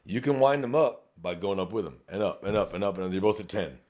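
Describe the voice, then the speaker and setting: On a casual podcast he co-hosts, a middle-aged officer with a Texan accent acts out run-ins with drivers at traffic stops, blunt and heavy on profanity. His fairly low, slightly mellow voice moves quickly with lively intonation.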